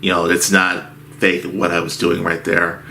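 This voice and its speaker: A man with a low-pitched voice tells a rambling workplace story in a casual rant. He talks slowly, circling back and restarting his sentences. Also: monotone, gravelly, bright, forceful tone, a little hiss or hum. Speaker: movie theater worker.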